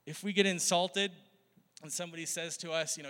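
A man's voice: on the high side, steady tone, brisk, a bit bright. A male pastor preaching a conversational sermon, often laughing and asking the crowd questions. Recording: long hall reverb.

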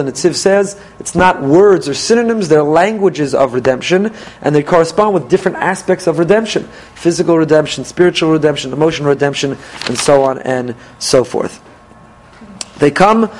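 A man's voice: on the high side, low-quality recording. A man teaching a Torah class, quoting Hebrew verses and commentaries and asking rhetorical questions he then answers. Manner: animated, asks rhetorical questions and answers them.

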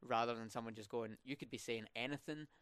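A man's voice: medium pitch, steady tone, quick pace, a bit bright, clear, resonant tone. A young man from Scotland with a Scottish accent and rolled R's, chatting casually as a student podcast host, with many fillers and restarts. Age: young adult. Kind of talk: casual interview chat.

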